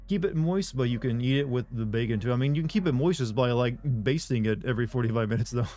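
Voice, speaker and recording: A man's voice: medium pitch, lively intonation, quick pace, warm tone. Offhand man chatting on a game stream. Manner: rambling and offhand, with frequent swearing and restarts. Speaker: live streamer. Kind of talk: casual chat with viewers while streaming a game.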